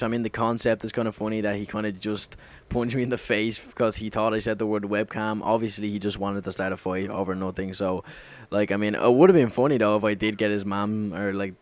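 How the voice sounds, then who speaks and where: Young man swearing through a rambling story. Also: fairly low pitch. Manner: rambling, heavy swearing, self-correcting. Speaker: gaming commentator. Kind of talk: casual storytelling over gameplay.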